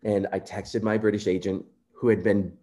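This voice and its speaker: A man being interviewed, telling a personal story in an earnest, animated way and acting out quoted remarks. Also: on the low side, moderate pace. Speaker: composer guest.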